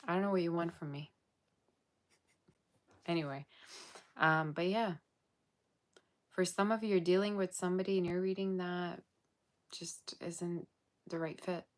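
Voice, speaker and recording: A woman's voice: on the low side, steady tone, unhurried, long pauses. A woman giving a casual tarot reading, chatty and blunt with exasperated asides, sounding tired and yawning. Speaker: tarot reader.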